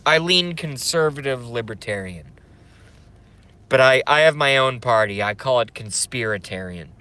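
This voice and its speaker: A man's voice: mid-range voice, animated, normal speed, sharp tone, smooth. A man hosting a casual livestream, rambling, swearing, and reading out viewer comments. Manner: rambling, profane, emotional; reads chat comments aloud. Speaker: livestream host.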